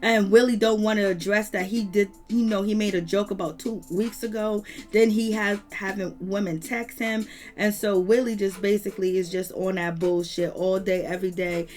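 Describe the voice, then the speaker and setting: A woman's voice: mid-range voice, fairly even intonation, moderate pace, darkish tone, faint music behind. A woman giving a casual recap of a reality show, talking in emphatic slang and running through long lists. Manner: retells scenes with quoted voices.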